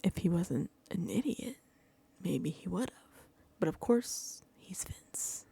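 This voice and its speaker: A woman's voice: lowish voice, expressive, slow pace, creaky, mellow, breathy edge. A young woman giving a sassy, gossipy recap of a reality show, acting out quotes from the contestants. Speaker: recap vlogger.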